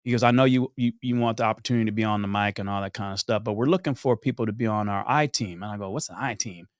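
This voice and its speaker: A young adult man, a podcast guest, telling stories in a lively way, acting out scenes and laughing often. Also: fairly low pitch, very fast, no room sound, studio quality. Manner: animated storyteller who acts out scenes and laughs often. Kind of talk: casual storytelling chat.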